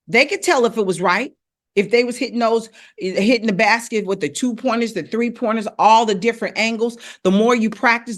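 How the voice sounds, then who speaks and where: Woman vocal coach, chatty and repetitive. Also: mid-range voice. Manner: encouraging, repetitive, rapping drills aloud. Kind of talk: live-streamed voice lesson.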